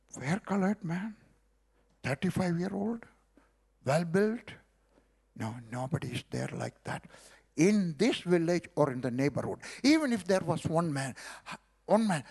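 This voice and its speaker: A man's voice: sits high, very animated, measured pace, gravelly, a little mellow, husky. A middle-aged man from South India with an Indian accent, telling a story as a sermon and acting out the dialogue. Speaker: preacher. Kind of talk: sermon testimony.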